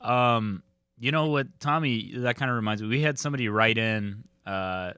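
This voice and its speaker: A young man riffs jokes on a casual podcast and laughs often. His voice is bright at a middle pitch, and the sound is close and dry. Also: normal speed, smooth, no echo. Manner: jokey riffing, laughs often. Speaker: podcast co-host.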